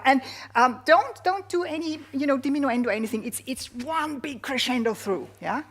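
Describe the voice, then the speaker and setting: A woman's voice: sits high, animated, moderate pace, pauses often, loud music behind the voice. Woman coaching a flute student. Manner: encouraging, sings rhythms aloud, frequent "yeah?". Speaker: flute teacher. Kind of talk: masterclass coaching.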